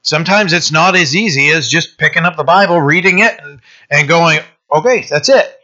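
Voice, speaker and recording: A man's voice: fairly high pitch, brisk, pushed and bright, highs cut off. A man preaching a conversational Bible teaching sermon as a pastor, often checking in with his listeners with "right?" and "you know.".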